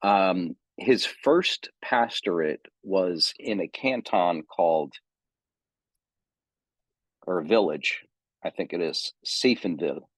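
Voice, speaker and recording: A man's voice: low-pitched, lively intonation, slow pace, long pauses, no echo. A man giving an unscripted seminary lecture on theology, thinking aloud with many ums and self-corrections.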